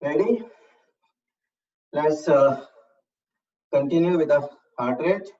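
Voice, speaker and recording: A fitness instructor leading a workout class, calling out reps and giving calm, measured reminders to breathe. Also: medium pitch. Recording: distant, slightly dull room recording.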